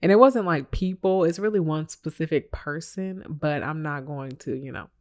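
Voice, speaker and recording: A podcast host telling a work story in a casual monologue, animated and emphatic, laughing often and tossing blunt asides at listeners. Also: mid-range voice, normal speed.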